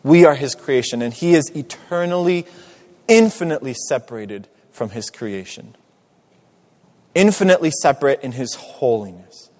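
A man preaching a sermon, slow and emphatic, repeating his key words for stress. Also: medium pitch, expressive, darkish tone, in a large hall.

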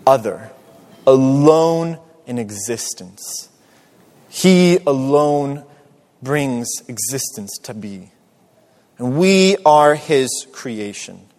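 Slow-talking preacher guy, kinda high voice, repeats words for emphasis, big echoey hall. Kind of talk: sermon.

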